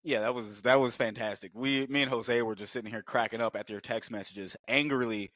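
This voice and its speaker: A man's voice: mid-range voice, a little fast, no room sound. A man co-hosting a podcast in casual chat, swearing freely and acting out the lines he quotes. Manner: excitable, swears a lot, acts out quoted lines. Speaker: podcast co-host.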